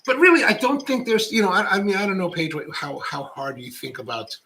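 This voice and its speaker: A man's voice: high voice, a little fast, bright, forceful tone, slight background noise, poor audio. A middle-aged man hosting a coffee show, chatting casually and rambling as he reads out viewer comments. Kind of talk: casual live-stream chat.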